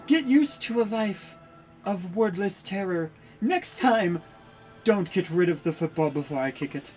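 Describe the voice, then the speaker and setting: A woman voicing a gleeful, cartoonish male dark lord who gloats slowly over his victims. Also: medium pitch, expressive, faint music behind, natural voice. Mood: menacing. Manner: slow, gloating, theatrical menace.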